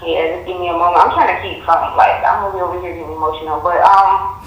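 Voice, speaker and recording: A woman getting a tarot reading, talking in a halting way and searching for her words. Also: fairly low pitch, fairly even intonation, lo-fi sound. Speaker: tarot client. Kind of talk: casual chat. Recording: very echoey room.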